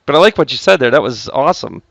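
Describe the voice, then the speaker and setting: A man's voice: mid-range voice, expressive, quick pace, creaky, a bit bright, dry recording. A man teaching a math class, chatty and joking with his students between steps. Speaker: high school math teacher. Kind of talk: recorded classroom lesson.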